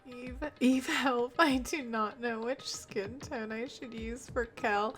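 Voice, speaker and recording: A young woman on a game stream, fighting back tears as she chats and apologises. Her voice sits a little high and sounds bright and sharp. She speaks slowly, with faint music behind her. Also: fairly even intonation. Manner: emotional, chatty, apologetic. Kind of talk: casual live-stream chat.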